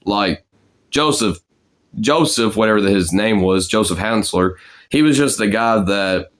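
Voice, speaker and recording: A young man talks through his voice practice in a loose, rambling way, full of fillers and false starts. His voice sits on the low side. He sounds like he is casually chatting to his viewers. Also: expressive, unhurried, a bit bright. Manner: rambling, many fillers and restarts. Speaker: amateur voice impressionist.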